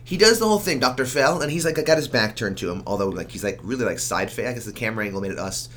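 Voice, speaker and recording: A man's voice: mid-range voice, lively intonation, rapid-fire, fairly bright tone. A man co-hosting a podcast, chatting casually about a TV episode, joking and reading out his own notes. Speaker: podcast co-host. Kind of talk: casual chat recapping a TV episode.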